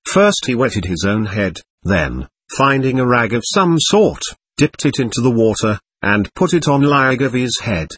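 A man narrating a classic novel as an audiobook, reading expressively and at a measured pace. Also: medium pitch, breathy edge, no echo. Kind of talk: scripted narration.

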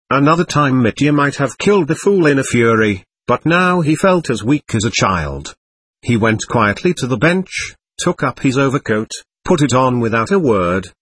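A man narrates a classic novel with a husky voice. His reading rises and falls in pitch with the story. The sound is dry and close to the mic. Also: fairly bright tone, no echo. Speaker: audiobook narrator. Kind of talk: scripted narration.

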